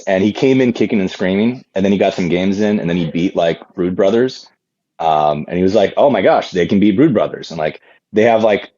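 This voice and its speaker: Rambling, joking man with a husky voice. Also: low-pitched, warm tone, no echo, highs cut off. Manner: rambling, joking, many fillers and restarts. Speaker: podcast guest, tabletop wargame player. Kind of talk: casual storytelling chat.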